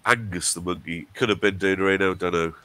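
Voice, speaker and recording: Very deep-voiced man. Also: steady tone, brisk, bright, forceful tone. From Hartlepool, England. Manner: dry, teasing banter. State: runny nose. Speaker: co-host of a game stream. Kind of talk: casual chat.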